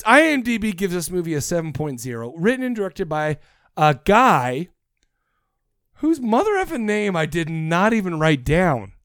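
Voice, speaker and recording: A man with a fairly high voice hosting a podcast, loose and rambling, cracking jokes and catching himself before he swears. The sound is dry and close, with no room around it. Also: sing-song, moderate pace, fairly bright tone, no room sound. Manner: jokey, rambling, mock-censoring himself. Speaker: podcast host. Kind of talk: casual comedic chat.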